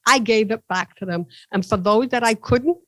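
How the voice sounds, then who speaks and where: This rough, echo-free recording features an Ohio woman guesting on a podcast, talking at normal speed. Full of energy, she shares personal anecdotes and mimics the people she quotes, her pitch leaping dramatically for each voice.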